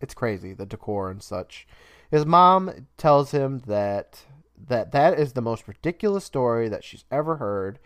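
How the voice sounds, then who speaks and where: A man's voice: mid-range voice, big pitch swings, a little slow, clean tone, no echo, clean studio sound. A man co-hosting a podcast, recapping a show casually, swearing freely and laughing often. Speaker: podcast co-host.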